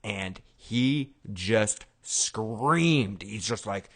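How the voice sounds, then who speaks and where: A man hosting a casual show, recapping an episode in an excitable way. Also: fairly low pitch, extremely slow, gravelly. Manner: excitable, retells scenes by acting out the lines. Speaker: podcast host.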